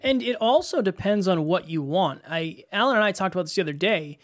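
A man's voice: sits high, lively intonation, fairly quick, soft background music. A man co-hosting a podcast in casual talk, reflective, who asks himself questions and answers them. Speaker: podcast co-host and business coach.

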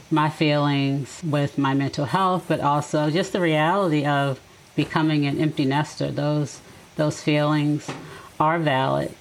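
A woman in her forties speaks in a low, deep register with a gravelly fry at the ends of her phrases. She talks reflectively and gently, giving advice in a relaxed chat. A faint hiss of noise sits under her voice. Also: poor audio. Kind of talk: casual chat.

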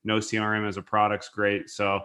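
A man's voice: on the low side, completely flat delivery, normal speed, bright, forceful tone, clean tone. A man hosting a podcast, talking in an upbeat, casual way with fillers. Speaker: podcast host. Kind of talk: podcast interview.

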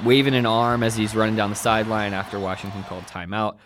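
A man co-hosting a team basketball podcast, telling behind-the-scenes stories in a relaxed, casual way. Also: on the low side, fast, background noise. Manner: relaxed storyteller, recounting behind-the-scenes moments. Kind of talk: casual sports chat.

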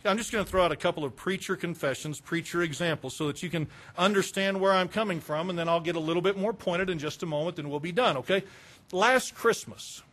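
High-voiced male preacher, candid and conversational. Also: fast, fairly bright tone. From Southern United States. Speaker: pastor. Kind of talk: sermon.

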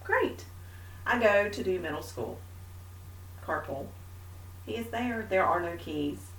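A woman co-hosting a casual faith talk, telling a story with animated, self-mocking energy. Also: medium pitch, slow pace, far from the mic. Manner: animated storyteller, mimics herself. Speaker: podcast co-host. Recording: echoey room, a bit off-mic.

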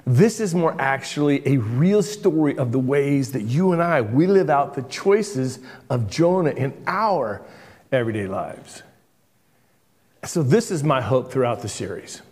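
A man's voice: fairly high pitch, a little mellow. A man who is a lead pastor, giving a conversational sermon, telling stories and repeating words for emphasis. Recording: long hall reverb.

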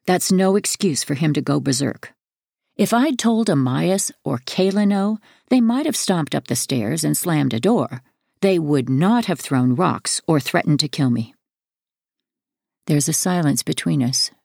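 Low gravelly woman reading her memoir, measured, dry close sound. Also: animated, a little mellow, no room sound. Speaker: audiobook narrator. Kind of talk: first-person memoir narration.

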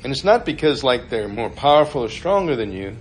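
A man preaching an informal sermon, talking to the room as if chatting with friends. He tells stories in a mid-pitched voice and laughs often along the way. A faint hiss sits under the recording. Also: big pitch swings, fairly quick. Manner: conversational, storytelling, laughs often.

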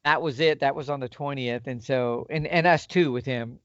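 A man excitedly telling a hunting story, acting out the exchanges he quotes. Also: mid-range voice, normal speed, no room sound. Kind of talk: animated storytelling. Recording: dull lo-fi audio.

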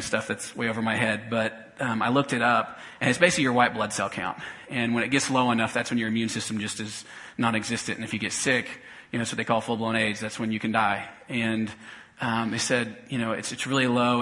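In a sermon, a pastor with a medium-pitched voice recounts something from his own life, talking in a loose, conversational way, often restarting, and growing quiet when it gets emotional. The audio is poor.

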